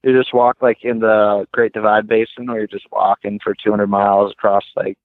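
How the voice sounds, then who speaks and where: A man talking as a guest, telling a story casually with many "like"s and lively retellings. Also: on the low side, normal speed, dry recording. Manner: heavy use of "like", lively retelling. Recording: tinny phone line, dry.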